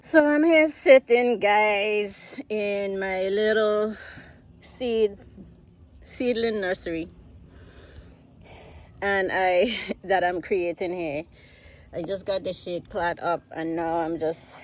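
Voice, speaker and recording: Speaking slowly at a medium pitch with little pitch movement and long pauses, a woman from the United States vlogs casually from outdoors on a farm. Out of breath from digging in the heat as she gardens, she chats and rambles, addressing her viewers as "guys."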